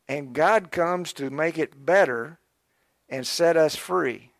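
A man's voice: fairly high pitch, moderate pace, gravelly, dry recording, studio quality. A male pastor preaching a sermon, fervent and exhorting, speaking directly to his congregation. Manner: fervent, exhorting, urgent early and quieter and reflective later.

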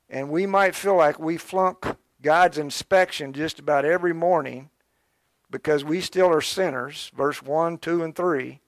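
A man's voice: a little high, unhurried, dry recording, clean studio sound. A male pastor preaching a sermon, fervent and exhorting, speaking directly to his congregation. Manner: fervent, exhorting, urgent early and quieter and reflective later.

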